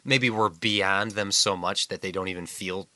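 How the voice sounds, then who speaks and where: A man co-hosting a podcast, talking through a film in a measured, analytical way during casual discussion. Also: low voice, steady tone, sharp tone, dry recording. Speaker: podcast co-host.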